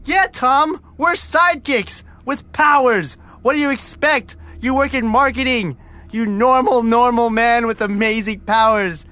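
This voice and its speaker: A man hosting an improvised comedy podcast, excitable and swinging from high yelps to gruff low lines as a superhero sidekick. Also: measured pace.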